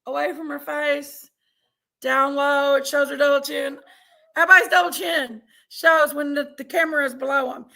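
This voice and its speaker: A woman hosting a casual livestream chat from home on a webcam mic, loud, laughing and bawdy. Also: high voice, steady tone, moderate pace, vocal fry. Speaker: livestream host. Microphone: computer webcam mic.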